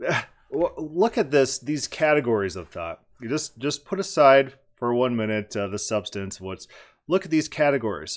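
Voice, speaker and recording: A man's voice: medium pitch, very animated, normal speed. A man giving critical commentary on a debate clip, emphatic and argumentative, repeating words for stress.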